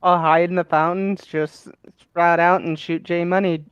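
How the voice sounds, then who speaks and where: Giggly, slow-talking high-voiced man. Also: flat delivery, fairly bright tone, smooth, no room sound, muffled recording. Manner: giggly, laughs often. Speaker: stream guest. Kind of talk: casual chat.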